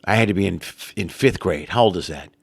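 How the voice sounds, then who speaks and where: A man's voice: sits low, quick pace, creaky, breathy edge, dry recording, clean studio sound. A man from Chicago, co-hosting a podcast, telling childhood stories in casual chat and acting out the quotes. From Chicago, United States. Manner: animated storyteller, acts out quotes. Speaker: podcast co-host.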